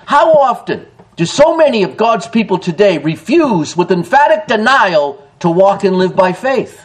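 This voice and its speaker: Male pastor, sermon; emphatic, lively, higher-pitched delivery with big swings. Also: moderate pace, poor audio. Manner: emphatic preaching, reads scripture aloud with rising emphasis; swings between loud declarations and low, quiet asides.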